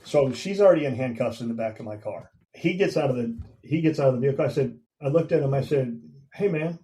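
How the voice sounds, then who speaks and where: A man's voice: medium pitch, fast talker, dark tone, rough recording. A man in his fifties, a veteran and former police officer, telling his story as a podcast guest in a plain, conversational way. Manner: recounts events plainly, acting out quoted dialogue.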